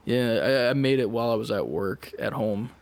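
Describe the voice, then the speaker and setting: A man at a middle pitch chats casually as a podcast co-host. He is laid-back and swears freely. He acts out what other people said as he tells a story. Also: moderate pace, gravelly. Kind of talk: casual chat.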